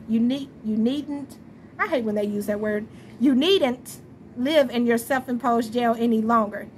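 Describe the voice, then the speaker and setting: Chatty high-voiced woman reading tarot. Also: measured pace, darkish tone, slight background noise. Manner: chatty, laughs often, talks to viewers as y'all. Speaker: tarot reader. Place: at home at night.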